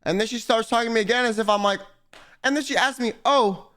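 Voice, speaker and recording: A male streamer telling a story in casual chat, rambling, animated and full of profanity. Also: very high-pitched, fast.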